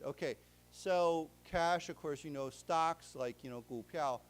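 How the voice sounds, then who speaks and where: An American man teaching a live English class, breaking down vocabulary step by step with plenty of "you know" and restarts. His voice sits a little high for a man. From United States. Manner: explains vocabulary slowly, with many fillers and restarts. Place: lecture room in a library.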